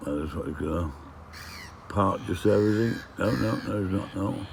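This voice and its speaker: With background noise behind him, an older man talks at a moderate pace in a low voice with vocal fry. He's vlogging van life on a handheld camera, outdoors and from his van while touring villages, casually chatting and grumbling asides tagged "eh?".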